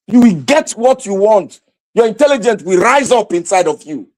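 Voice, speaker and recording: A Nigerian man with a strikingly high-pitched voice, hosting a livestream and speaking straight to his viewers. He rants in a fervent, preachy way, breaking into loud shouts. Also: very animated, moderate pace. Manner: impassioned, preachy ranting with shouted outbursts. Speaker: livestream host. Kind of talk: livestream commentary.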